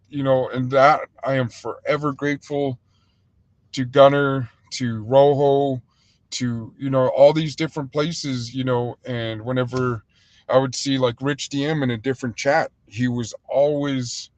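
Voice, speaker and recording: A man's voice: mid-range voice, dry recording. A man hosting a casual livestream, talking in a loose, rambling and heated way, full of fillers. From United States. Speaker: livestream host and restaurant owner.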